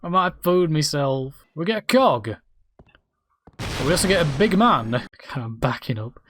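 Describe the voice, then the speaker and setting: A man's voice: a little high, very animated, normal speed, noisy background. Crude rambling man streaming. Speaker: game streamer. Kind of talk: casual gameplay commentary.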